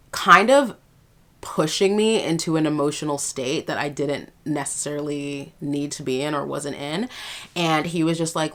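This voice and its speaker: Low gravelly woman telling a story. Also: a bit bright. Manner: casual, filler-heavy, emphatic retelling. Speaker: vlogger. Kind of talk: personal storytime vlog.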